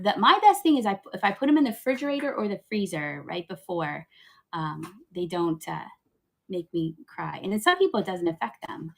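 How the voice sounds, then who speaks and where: A woman's voice: medium pitch, fairly bright tone. A woman hosting a live online auction of thrift finds, chatting and laughing with viewers as she sells. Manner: chatty, giggly, thinks aloud while selling. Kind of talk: live-stream selling chat.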